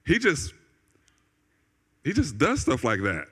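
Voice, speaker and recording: Male pastor, fairly high voice, casual preaching style that keeps repeating key lines, long church-hall reverb. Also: wildly swooping pitch, takes it slowly, a bit bright, husky. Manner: conversational, repeats phrases for emphasis, asks "right?" and "okay?". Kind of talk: sermon. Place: church sanctuary.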